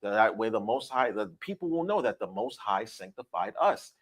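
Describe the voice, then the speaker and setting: A man with a fairly low voice leads a scripture lesson. He talks emphatically, repeating his main points again and again and checking in with his listener after nearly every line. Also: big pitch swings, moderate pace, slightly rough. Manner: emphatic, repeats points, asks "all right?" often. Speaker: Bible study teacher. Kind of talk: Sabbath Bible study teaching.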